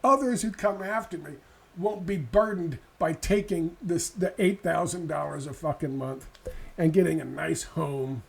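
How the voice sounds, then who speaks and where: A man's voice: fairly high pitch, a little slow, creaky. A man mocking a smug self-righteous woman. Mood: mock-noble. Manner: sarcastic mocking quotation. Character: smug self-justifying woman online creator.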